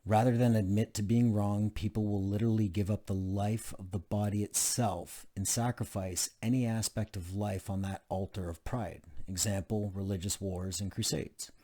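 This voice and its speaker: A man's voice: lowish voice, fairly even intonation, moderate pace, few pauses, dark tone. A man reading aloud from a book, with casual asides and frequent fillers. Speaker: channel host reading a self-help book.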